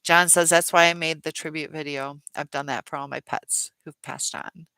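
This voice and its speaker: A woman's voice: sits low, fairly even intonation, moderate pace, creaky, pushed and bright, smooth, no echo. A woman hosting a live chat Q&A, reading viewer comments aloud and answering them in a chatty way with many fillers. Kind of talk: casual live-stream chat.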